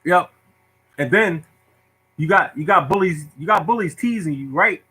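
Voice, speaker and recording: Man, lottery show host, casual storytelling, joking, bright voice, slightly high pitch. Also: moderate pace, husky, rough recording. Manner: animated, joking, self-mocking.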